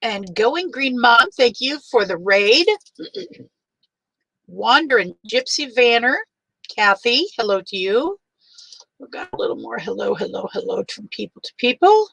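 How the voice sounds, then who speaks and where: An older woman hosting a casual livestream. She greets each viewer by name in a warm, chatty way and is teary. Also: a little high, creaky, dry recording, rough recording.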